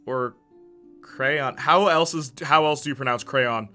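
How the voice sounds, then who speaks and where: Bright-voiced man reading chat on stream. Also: medium pitch, measured pace, soft background music. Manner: reads chat aloud and reacts, animated, laughs often. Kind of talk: casual livestream chat.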